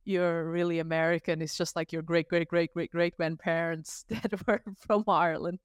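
A woman's voice: on the low side, flat delivery, normal speed, clear, resonant tone, dry recording, clean studio sound. A woman talking as a guest on a podcast, chatty and rambling, laughing easily. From not Canadian, living abroad. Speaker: guest artist. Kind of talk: casual podcast conversation.

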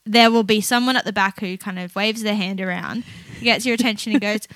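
A woman's voice: mid-range voice, fairly quick, no echo. A woman who works in child therapy, chatting casually on a podcast and telling stories with acted-out voices. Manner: animated storyteller who acts out voices. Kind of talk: casual chat.

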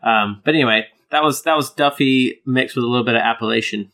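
A young man from Georgia in the United States co-hosting a podcast, joking in a relaxed, laid-back way. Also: medium pitch, fast. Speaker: podcast co-host. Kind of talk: casual banter.

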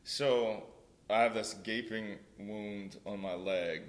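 Young man from Louisiana, low voice, chatty animated storyteller, a little background noise. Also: slow. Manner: animated, laughing storyteller with many fillers. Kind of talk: casual storytelling chat.

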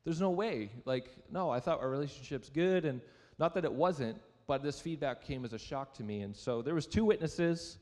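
A young adult pastor preaches a sermon in a church sanctuary, his fairly high, darkish, expressive voice moving at a moderate pace with hardly any pauses through the large hall. He tells a personal story in a conversational, self-deprecating way and puts questions to the audience.

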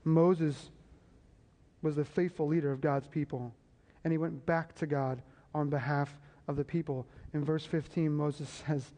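A man preaching a sermon, building emphasis and tossing quick asides to the congregation. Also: on the high side, steady tone, mellow. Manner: preaching with rising emphasis and repeated call-and-response asides. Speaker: pastor. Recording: long hall reverb.

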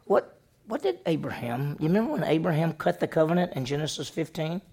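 A man pastor preaching a sermon, questioning the congregation and acting out the story with lively voices. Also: on the high side, a little fast, creaky.

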